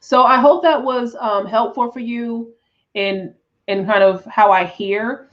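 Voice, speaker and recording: A woman teaching tarot on a live stream, talking in an unhurried, reflective way with frequent restarts and "right?" check-ins. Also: a little high, lo-fi sound. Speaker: tarot teacher and spiritual coach.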